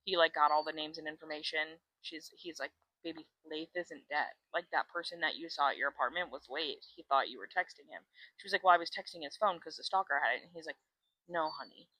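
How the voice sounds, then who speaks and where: A woman's voice: low voice, fast talker, dry recording, rough recording. A woman co-hosting a podcast, retelling a book plot in casual chat, acting out the characters' lines and swearing freely. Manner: animated storyteller, acts out quotes, swears freely. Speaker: podcast co-host.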